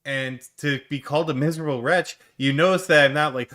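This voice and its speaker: A man's voice: fairly high pitch, a little fast, few pauses, fairly bright tone. A man giving sarcastic, mocking reaction commentary on a stream clip, swearing freely.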